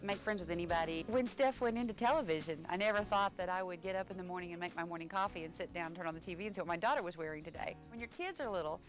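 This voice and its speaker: A woman's voice: on the low side, very fast, few pauses, soft background music. A middle-aged woman interviewed about her grown daughter, speaking fondly and reflectively. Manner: fond, reflective. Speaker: interviewee, proud parent.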